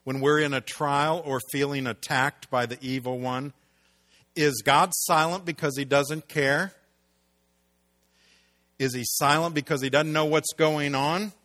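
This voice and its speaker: A man preaching a sermon, moving between loud emphatic lines and hushed low ones and posing rhetorical questions to the congregation. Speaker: pastor.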